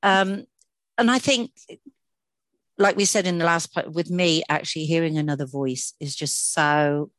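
A woman with a low voice co-hosts a podcast in casual, earnest chat, often restarting her sentences. The sound is dry and close to the mic. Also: steady tone, measured pace, fairly bright tone, dry recording. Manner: earnest, chatty, many fillers and restarts. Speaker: podcast co-host.

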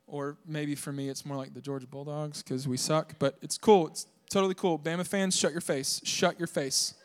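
This young pastor from the southern United States, whose voice runs high for a man, gives his congregation a sermon at a steady, moderate pace, full of jokes and animated energy, lifting into shouts to stress his points.

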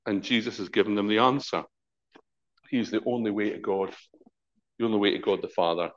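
A man's voice: lowish voice, moderate pace, pauses often, highs cut off. A middle-aged man, a pastor, preaching a conversational sermon and acting out the voices in his stories. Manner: lively, conversational preaching with acted-out quotes.

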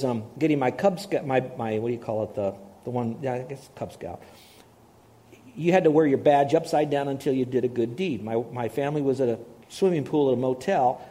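A man's voice: medium pitch, brisk, dark tone. A man preaching a sermon in a conversational, storytelling way, asking his listeners questions as he goes. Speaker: pastor. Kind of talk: sermon with personal stories.

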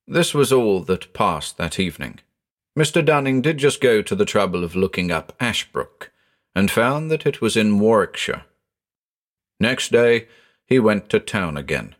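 Expressive low-voiced male storyteller. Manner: measured, expressive reading. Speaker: narrator. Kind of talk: storybook narration.

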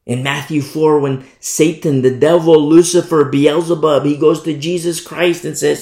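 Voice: medium pitch, steady tone, moderate pace, few pauses, a little mellow, reverberant. A preacher teaching a Bible study sermon in an emphatic, repetitive way, raising the voice to stress points.

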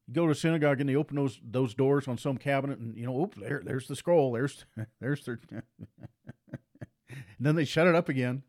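A man preaching a sermon with forceful repetition, his voice climbing higher and louder as he presses his points. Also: quick pace.

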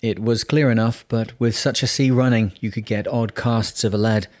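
A man narrating a seafaring memoir in a steady, measured reading voice. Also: lowish voice. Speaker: audiobook narrator.

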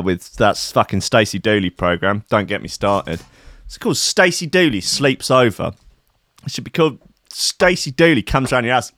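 A man's voice: on the low side, a bit bright, no echo, clean studio sound. Sweary rambling man. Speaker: podcast host. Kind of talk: casual comedic monologue.

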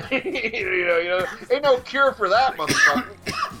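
A man's voice: extremely high pitch, animated, measured pace, pushed and bright, faint music behind. A man hosting a casual podcast, ranting and mocking someone in a stream of profanity. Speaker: podcast host.

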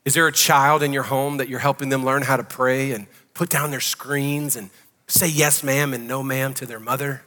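Emphatic bright-voiced male pastor preaching. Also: mid-range voice, fairly even intonation, normal speed, big-room sound. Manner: emphatic, conversational preaching with audience questions. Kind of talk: sermon. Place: church sanctuary.

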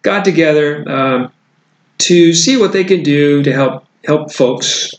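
A man's voice: a little high, slow. A man co-hosting a podcast, casually reading and retelling a news story, rambling with frequent restarts. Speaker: podcast co-host. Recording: echoey room with faint noise.

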